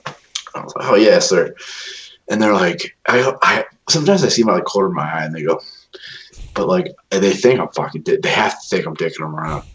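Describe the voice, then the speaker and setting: Brief: male podcast co-host, very deep voice, lively delivery, casual and profane. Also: a little fast, lo-fi sound. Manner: relaxed storyteller, swears often, habitually polite with sir and ma'am. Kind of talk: casual chat.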